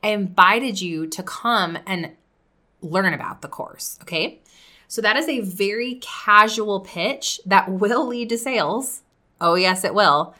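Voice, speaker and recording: A woman podcast coach teaching in an upbeat, chatty way and shifting her tone to demonstrate pitches. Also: slow pace, bright, forceful tone. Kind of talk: teaching video with example pitches.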